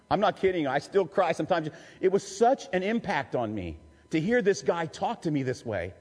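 A man, a pastor telling a personal story in a sermon with emotional, confessional warmth. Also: a little high, sing-song, normal speed, breathy edge. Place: church sanctuary. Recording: long reverb of a church hall.

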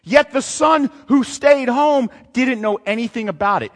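A male pastor preaching a sermon, animated, reading scripture and throwing out rhetorical questions, recorded in a large hall or church. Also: very high voice, moderate pace, few pauses. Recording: long hall reverb.

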